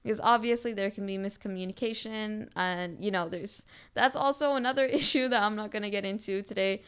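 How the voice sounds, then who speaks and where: Teen girl podcaster going off on a rant, clear smooth voice, says like a lot. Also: mid-range voice, fairly quick. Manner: animated, heavy use of "like" fillers. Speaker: podcast host. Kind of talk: casual rant to viewers.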